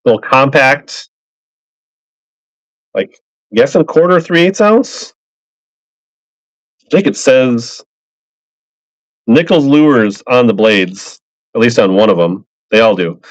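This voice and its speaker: Speaking slowly and pausing often, a man with an animated, mid-range voice sells fishing gear on a casual live stream. He rambles upbeat as a lure auction seller, greeting buyers by name. The recording is dry, with slightly dull lo-fi stream audio.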